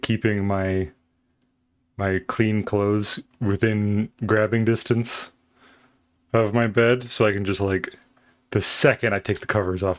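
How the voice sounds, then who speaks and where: A man with a lowish voice livestreams from home, chatting casually and playfully with his viewers and greeting them as they arrive.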